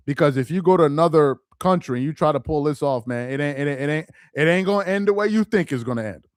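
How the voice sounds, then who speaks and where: Male live-stream commentator, high voice, dry close sound, slangy and repetitive delivery. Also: lively intonation, fast talker, dry recording. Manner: loose, slangy, repeats himself for emphasis.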